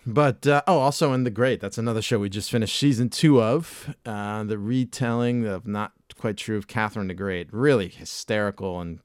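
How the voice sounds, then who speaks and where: Low-voiced, rambling podcast host. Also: male voice, moderate pace, few pauses, clear, resonant tone, no echo, clean studio sound. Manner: rambling, profane, laid-back. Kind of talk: casual chat.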